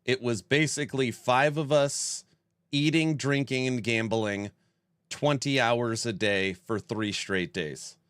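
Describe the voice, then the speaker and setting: A man's voice: medium pitch, slow pace, a bit bright, clean tone, no echo, clean studio sound. A man in his forties hosting a casual livestream and reading chat aloud. He sounds stuffed up and worn out and talks in a rambling, self-mocking way. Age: 40s. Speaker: streamer host.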